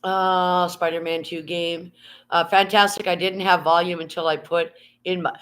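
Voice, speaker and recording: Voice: mid-range voice, level tone, normal speed, a bit bright. A live streamer in casual chat, rambling and reading viewer comments aloud, talking from bed into a phone held in hand. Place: at home, lying in bed.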